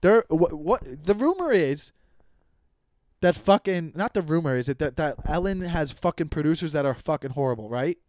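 A man's voice: fairly high pitch, expressive, normal speed, darkish tone, no echo, clean studio sound. A young man hosting a comedy podcast, ranting casually with heavy swearing and frequent stumbles and restarts. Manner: profane, rambling with many restarts. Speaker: podcast host.

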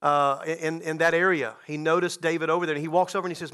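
Bright-voiced male preacher. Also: a little high, quick pace, few pauses, clear, resonant tone. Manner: animated, with frequent restarts and acted quotes. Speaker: guest pastor. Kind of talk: sermon storytelling.

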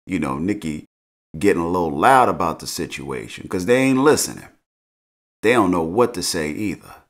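Man, low voice, middle-aged, slangy, laid-back, chuckling recap host. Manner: laid-back, slangy, laughs at his own jokes. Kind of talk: casual episode recap.

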